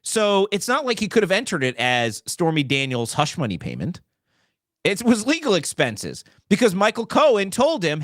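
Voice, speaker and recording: Animated male host, very expressive pitch, rambling commentary, dry mic. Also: moderate pace, no echo. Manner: animated, rambling, full of fillers and asides. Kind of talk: political commentary talk show.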